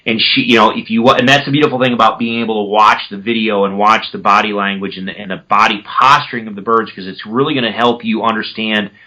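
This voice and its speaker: A man's voice: lowish voice, fairly even intonation, fast talker, hardly any pauses, pushed and bright, rough recording. A man casually explaining turkey calls on a podcast, now and then mimicking yelps with his own voice. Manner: conversational, self-correcting.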